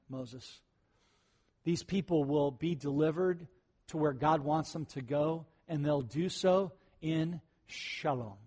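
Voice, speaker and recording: High-voiced pastor preaching. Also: male voice. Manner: conversational, frequent throat clearing, bursts of excitement. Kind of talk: sermon.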